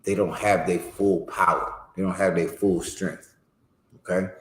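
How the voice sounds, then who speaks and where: A man's voice: low voice, fairly even intonation, measured pace. A man teaching an informal Bible class, explaining verses in plain slang and often checking in with "you know what I'm saying?". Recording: echoey room.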